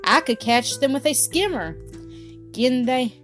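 A woman voicing a lively young Scottish country girl in a storybook reading. The girl is spirited and quick to speak up. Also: sits high, faint music behind, pitched above the performer's own voice. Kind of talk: storybook character voice.

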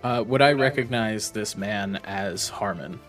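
A man playing a tabletop game, talking in an excitable, stammering way. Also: lowish voice, measured pace, soft background music. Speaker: player. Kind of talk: casual tabletop role-play.

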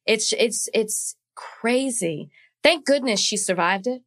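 A woman co-hosting a podcast in casual chat, easygoing, telling stories and giving quick affirmations. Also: on the high side, expressive, a bit bright. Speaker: podcast co-host.

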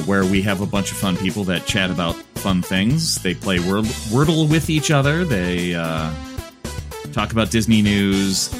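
A middle-aged man co-hosting a podcast in playful casual chat, tossing in joking asides. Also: fairly low pitch. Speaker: podcast co-host.

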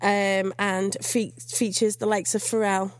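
A woman's voice: mid-range voice, level tone, a little slow. A woman co-hosting a radio show, chatting casually with a teasing manner. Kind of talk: casual chat.

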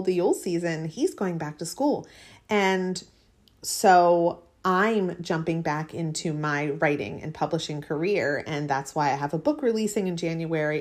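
Chatty heartfelt woman podcaster. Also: on the low side. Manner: heartfelt, chatty, many fillers and restarts. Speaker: podcast host. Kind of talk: casual personal monologue.

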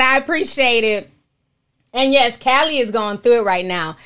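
High-voiced animated woman streamer. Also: normal speed. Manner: animated, exclaiming, calls listeners honey. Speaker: live-stream host reading viewer chats. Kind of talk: casual storytelling chat.

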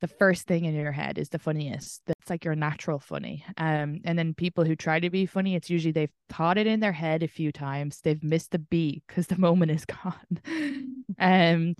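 A woman's voice: low-pitched, moderate pace, a little mellow, no room sound, studio quality. A young Irish woman comedian chatting candidly in an interview, swearing casually. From Ireland. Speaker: comedian guest.

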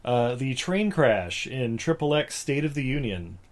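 A man's voice: medium pitch, animated, measured pace. A man co-hosting a podcast, casually presenting mock movie awards and laughing often. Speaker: podcast co-host.

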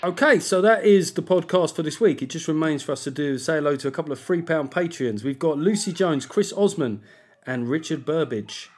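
A man's voice: on the high side, a little fast, darkish tone. A man hosting a podcast alone, chatting casually in a rambling, jokey, self-deprecating way. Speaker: podcast host. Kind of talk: casual solo podcast chat.

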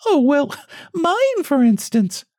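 A man reading a storybook, putting on a high, fluttery voice for an awkward, silly society woman. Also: huge pitch swings, takes it slowly, darkish tone, no echo, studio quality, heavily acted.

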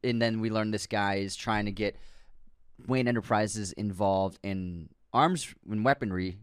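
A man's voice: lowish voice, measured pace, clean tone, no room sound, clean studio sound. Rambling, laughing male podcast co-host. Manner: rambling, laughs easily, playful teasing. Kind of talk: casual movie recap chat.

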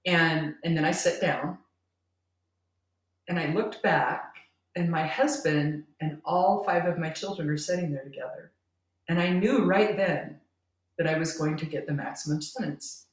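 The recording feels roomy and distant from the mic as a middle-aged podcast guest recounts something personal in earnest. Her low voice moves at a measured pace, and she laughs between lines.

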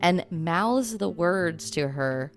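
Brief: low-pitched woman podcast host, chatty storyteller who keeps looping in asides; faint music underneath. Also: animated, slow. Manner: rambling, full of "you know" and "like" asides. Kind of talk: casual storytelling chat.

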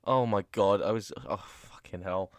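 A man co-hosting a casual podcast, loud, crude and mocking, who swears a lot. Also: on the low side, normal speed, no echo, studio quality. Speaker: podcast co-host.

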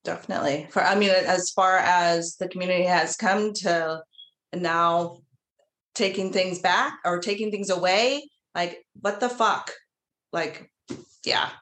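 A woman co-hosting a podcast, frank and blunt, often chiming in with quick agreement. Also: fairly low pitch, fairly bright tone, reverberant. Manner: frank, swears, affirms often. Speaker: podcast co-host. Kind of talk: casual chat.

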